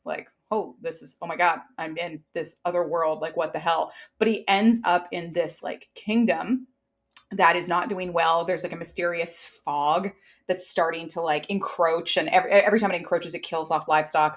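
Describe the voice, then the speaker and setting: A woman co-hosting a romance book podcast, describing a book she loves in an enthusiastic, chatty way. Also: on the low side. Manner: enthusiastic, chatty, slips in quoted asides. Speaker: podcast co-host. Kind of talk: casual chat.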